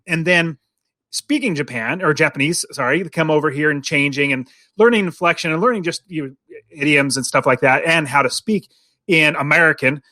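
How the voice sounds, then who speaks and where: Young male co-host, rambling and laughing, high voice, dead dry room. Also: bright, forceful tone, no room sound. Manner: rambling, laughing, many fillers. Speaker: podcast co-host. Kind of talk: casual chat. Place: basement.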